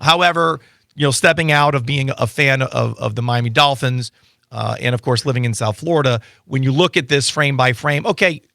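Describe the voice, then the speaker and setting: A man appearing as an attorney guest, chatting casually in a radio studio and telling animated stories with lots of restarts. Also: mid-range voice, a little fast, creaky, dry recording. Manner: animated storytelling with frequent restarts. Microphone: studio microphone.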